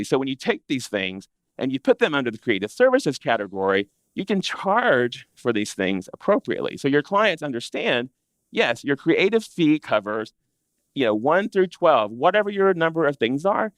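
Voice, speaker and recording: A man presenting to an audience of interior designers in a chatty, animated way, acting out what clients say. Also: mid-range voice, no room sound. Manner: animated, conversational, acts out clients' complaints. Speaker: interior design business educator. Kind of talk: live presentation to a seated audience.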